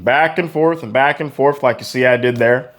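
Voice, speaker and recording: A man teaching a vocal warm-up lesson, explaining exercises energetically and often checking in with "okay?". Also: medium pitch, moderate pace. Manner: energetic, demonstrates vocal sounds between explanations. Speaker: vocal coach.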